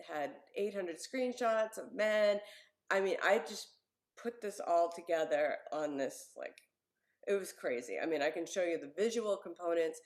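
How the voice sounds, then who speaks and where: A woman guest on a podcast interview, telling a personal story in an animated, expressive way with plenty of fillers. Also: fairly low pitch.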